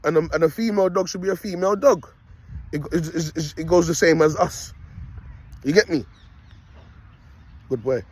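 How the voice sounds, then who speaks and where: A young man who styles himself a prophet films himself on his phone while walking his dog outside, giving a rambling, preachy monologue full of "you get me" and "people." His fairly high voice is a little mellow and slightly rough, at a moderate pace with long pauses.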